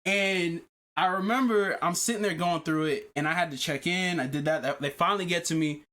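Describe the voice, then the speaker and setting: A man on a casual podcast tells a long story with animated energy, swearing freely and laughing as he goes. His voice sits a little higher than usual for a man. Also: moderate pace. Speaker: podcast host.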